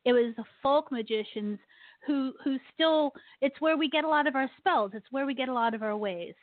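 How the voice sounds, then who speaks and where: Her high-pitched voice moves at a moderate pace as she hosts talk radio, casually chatting with a guest, animatedly airing her pet peeves, and laughing often. The sound is dry and tinny, phone-line style, with no room sound.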